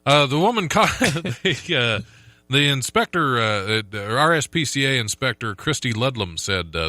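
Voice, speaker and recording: A man's voice: mid-range voice, big pitch swings, normal speed, sharp tone, dry recording. A man hosting a casual podcast, reading odd news stories aloud, laughing often and tripping over names. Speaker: podcast host.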